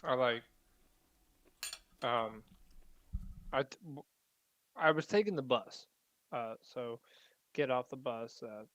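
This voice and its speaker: A man playing in a tabletop game, describing his character's actions in a laid-back, deadpan way with halting fillers. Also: medium pitch, poor audio.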